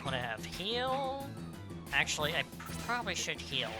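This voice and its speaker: A woman's voice: low-pitched, big pitch swings, quick pace, loud music behind the voice. A woman streaming herself playing a game, chatting and reacting aloud in a casual way, sometimes humming.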